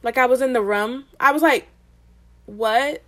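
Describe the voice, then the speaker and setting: A young woman from the American South speaks with a Southern accent in a relaxed podcast chat. Her voice is fairly high, and she jumps in with quick, agreeable replies and her own small asides. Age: young adult. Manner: chatty, agreeable, quick reactions. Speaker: podcast co-host, college student. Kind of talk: casual chat.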